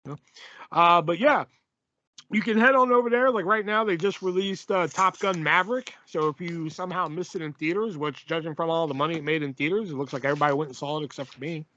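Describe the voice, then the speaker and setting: A man's voice: on the high side, quick pace, sharp tone, lo-fi sound. A man hosting a podcast, chatting casually and swearing freely as he rambles through a sponsor read. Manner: rambling and profane, reads sponsor ads loosely. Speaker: podcast host. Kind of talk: casual chat.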